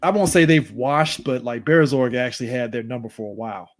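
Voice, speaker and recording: A man's voice: mid-range voice, a little fast. A man co-hosting a casual fan podcast, laid-back, laughing and swearing as he quotes characters. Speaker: podcast co-host.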